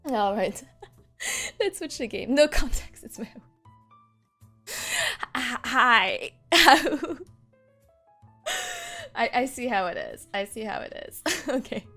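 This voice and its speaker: Woman streamer, casual chat with viewers, high bouncy voice, soft music playing underneath. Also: takes it slowly, long pauses. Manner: animated, laughs often, rambling restarts.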